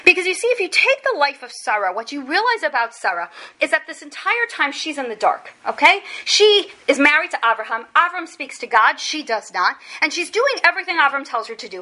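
A woman teaching a lesson on biblical texts, animated and acting out the voices in the stories she explains. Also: high-pitched, fast. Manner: animated, acts out quoted voices of biblical figures. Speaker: Torah teacher. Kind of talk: text study lesson.

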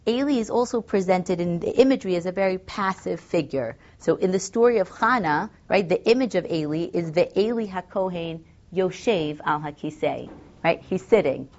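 A woman's voice: on the low side, animated, normal speed, a little mellow, lo-fi sound. A woman teaching a text study class, thinking aloud with fillers and reading Hebrew verses. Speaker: Torah teacher.

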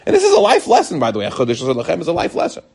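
Middle-aged rabbi guy teaching torah, gravelly husky voice, lively and storytelling. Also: fairly high pitch, racing. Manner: animated, storytelling, with bursts of emphasis. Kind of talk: Torah lecture.

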